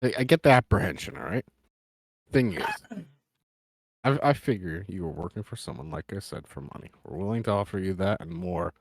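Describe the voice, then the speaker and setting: A man's voice: sits low, lively intonation, fairly quick, breathy edge, dry recording. A man running a tabletop game as game master, talking in a laid-back, persuasive way. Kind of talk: tabletop role-play narration.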